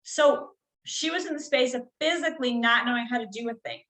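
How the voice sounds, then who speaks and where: A woman with a somewhat high voice speaks as a guest on a podcast. She tells a personal story in a loose, conversational way. Her talk is full of "like" and "you know". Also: fairly quick, a bit bright, reverberant, rough recording. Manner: chatty, frequent "like" and "you know" fillers.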